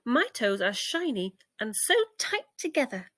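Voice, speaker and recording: A woman voicing a kindly female rhino in a bedtime storybook, speaking calmly and slowly with motherly care. Her voice stays bright and gentle. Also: fairly high pitch, dry recording, full character voice.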